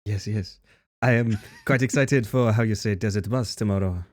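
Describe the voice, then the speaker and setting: A man's voice: fairly low pitch, moderate pace, a little mellow. A male streamer chatting casually on a live stream, teasing and joking with frequent swearing.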